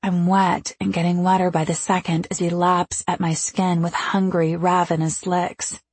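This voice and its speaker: Woman reading a steamy romance story out loud, husky and kinda gravelly, dry close sound. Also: fairly low pitch, flat delivery, moderate pace, no room sound. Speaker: audiobook narrator. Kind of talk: first-person romance narration.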